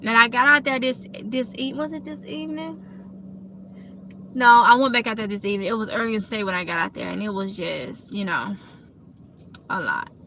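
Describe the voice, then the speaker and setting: A woman's voice: fairly high pitch, moderate pace, pauses often, pushed and bright, a little hiss or hum. A woman with a Mississippi Southern accent hosting a casual live Q&A, chatty and affectionate, calling her viewers honey. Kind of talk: casual live-stream chat reading comments.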